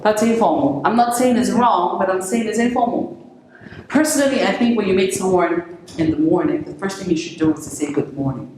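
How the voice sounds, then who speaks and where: Woman, English teacher, animated, demonstrative, classroom, booming echo. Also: fairly quick. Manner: animated, acts out greetings with big pitch swings. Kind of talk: classroom lesson. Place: echoey classroom. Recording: very echoey room with steady noise.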